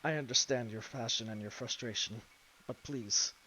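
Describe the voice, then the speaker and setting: A man's voice: mid-range voice, moderate pace, pushed and bright, a little hiss or hum, pitched below the performer's own voice. A man voicing a noble, self-sacrificing knight leader in a lion-pelt robe, speaking in solemn, formal tones. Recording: dull lo-fi stream, faint music.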